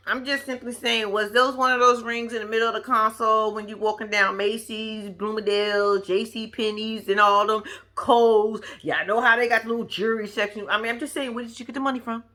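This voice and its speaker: Woman vlogger, high, bright, lively recap host who acts out the quotes. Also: brisk, hardly any pauses. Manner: animated storyteller, slangy, acts out quotes. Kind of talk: casual recap commentary.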